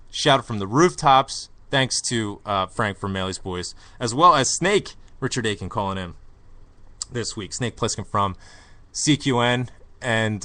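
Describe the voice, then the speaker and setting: Bright-voiced rambling podcast host. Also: male voice, medium pitch, no room sound. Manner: rambling, lots of fillers and restarts; puts on an East London accent. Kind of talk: casual soccer chat.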